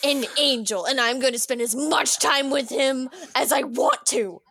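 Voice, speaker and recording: A woman's voice: high voice, a little slow, gravelly, bright, forceful tone, husky, full character voice. A woman playing a brash, bossy alien TV food show host in an improvised comedy scene. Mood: angry. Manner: boisterous, bossy, flirty.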